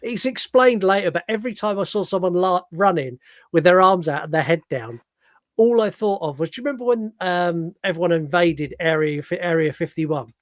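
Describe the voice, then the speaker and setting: An animated man with a fairly high voice, chatting through a film review and acting out scenes with a laugh. The sound is dry and close, with no room around it. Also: fairly quick, dry recording. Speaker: podcast co-host. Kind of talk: casual film review chat.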